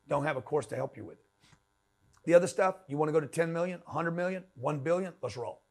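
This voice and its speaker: A man giving a blunt, slangy motivational talk as a business coach, pushing the listener hard. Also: on the high side.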